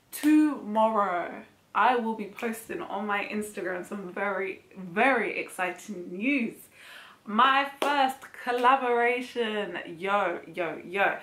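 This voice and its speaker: A woman hosting a cooking channel, chatting in a casual vlog review, bubbly and excitable with slangy asides. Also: medium pitch. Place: home kitchen. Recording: echoey room.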